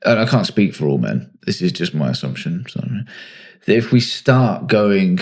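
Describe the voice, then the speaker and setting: A man talks through his views in casual podcast chat, his voice sitting a little low. He rambles, thinks aloud and pokes fun at himself in an easygoing way. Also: moderate pace. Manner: relaxed, self-mocking, thinks aloud. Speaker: podcast host.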